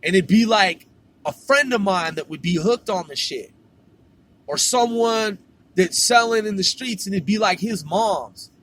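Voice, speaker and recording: Man, high voice, casual storytelling, profane, drawling. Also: animated, measured pace, a bit bright.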